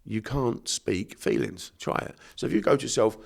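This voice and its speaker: On a casual podcast, a guest who works as an unconscious mind therapist speaks at a moderate pace in a fairly low, animated voice with vocal fry. He hails from Bermondsey and has a South London accent, and his delivery is blunt, emphatic and full of swearing.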